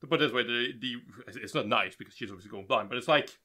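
A man co-hosting an anime podcast, chatting in a relaxed, rambling way with many restarts. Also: medium pitch, fast, slightly rough. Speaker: podcast co-host. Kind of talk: casual chat.

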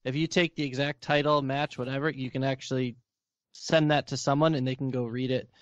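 A man's voice: medium pitch, fairly even intonation, brisk, no echo, dull audio. A man in a casual podcast chat, giving brief, plain explanations. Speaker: podcast co-host.

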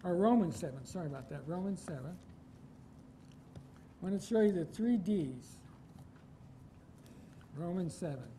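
Mellow-voiced preacher from Iowa, man. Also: high voice, animated, a little slow, long pauses, a little hiss or hum, low-quality recording. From Iowa, United States. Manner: emphatic, asks the congregation rhetorical questions. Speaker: pastor. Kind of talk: sermon.

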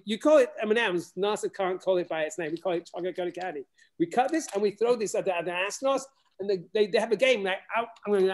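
Over a video call, a high-voiced man working as a space program educator gives a remote classroom demonstration. His manner is playful, and he restarts his sentences many times.

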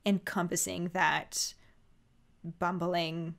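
A woman's voice: lowish voice, little pitch movement, slow, gravelly. A woman co-hosting a podcast in casual chat, gushing and enthusiastic about the books she loves. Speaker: podcast co-host.

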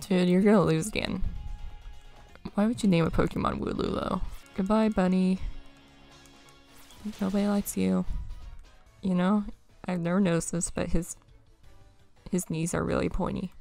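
Young female let's player, lowish gravelly voice, wry offhand commentary. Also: darkish tone. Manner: chatty, wry running reactions to the game. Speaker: let's play gamer. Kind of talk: casual gameplay commentary.

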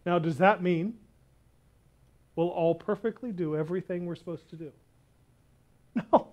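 High-voiced male pastor preaching. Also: lo-fi sound. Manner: emphatic, slows down on key words. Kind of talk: sermon with storytelling.

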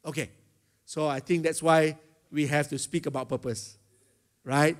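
A man's voice: fairly high pitch, steady tone, a little slow. A middle-aged man, a pastor teaching a chapel talk to secondary school students. He asks them questions and often hesitates with fillers.

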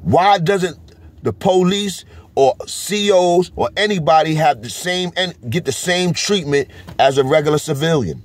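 A man's voice: a little high, lively intonation, a little slow. A man with a New York accent, talking straight to camera in a casual vlog and driving each point home with a constant "you heard?". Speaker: vlogger. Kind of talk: casual street commentary.

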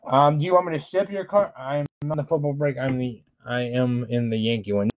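A man's voice: mid-range voice, steady tone, a little fast, few pauses. A man hosting a live-streamed card break, calling out player names as he opens packs and explaining the shipping rules to viewers, admitting he is frustrated. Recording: dull lo-fi dry sound.

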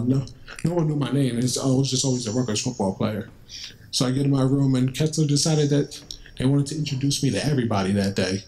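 A man talking to a room of students, his voice sitting at an everyday middle pitch. He tells his story in a relaxed, conversational way and brings remembered exchanges to life. A faint hiss runs under the recording. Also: rough recording. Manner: conversational, vivid, acts out remembered dialogue. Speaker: guest speaker at a school. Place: school, indoors.

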